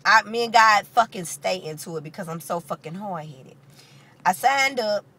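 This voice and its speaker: A woman with a St. telling a personal story in a casual, animated, profane way. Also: mid-range voice, moderate pace.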